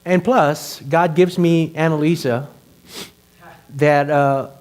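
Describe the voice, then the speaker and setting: A male pastor preaching a conversational sermon that grows loud and animated, full of rhetorical questions. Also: fairly high pitch, slow.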